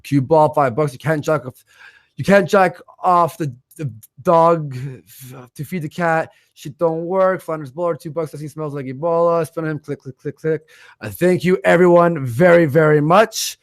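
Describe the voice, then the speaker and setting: A man hosting a livestream, quickly reading out viewer donations and their messages in a casual way. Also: fairly high pitch, dry recording, clean studio sound. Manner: rattles off donor names and messages. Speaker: livestream host.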